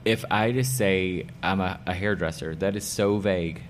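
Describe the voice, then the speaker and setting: Man, middle-aged, very low pitch, enthusiastic, emphatic repetition, interview guest, faint background noise. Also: normal speed. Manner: enthusiastic, emphatic, repeats key phrases. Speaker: hairdresser and salon owner, guest. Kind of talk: casual interview talk.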